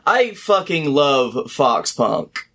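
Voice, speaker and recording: A man co-hosting a casual wrestling podcast, relaxed and swearing now and then. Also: on the high side, drawn-out words. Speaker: podcast co-host.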